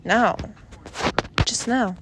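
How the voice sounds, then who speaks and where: Young woman podcast host, high-ish voice, unhurried, rambling and giggly, trails into mumbles. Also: heavy background noise. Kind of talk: casual chat.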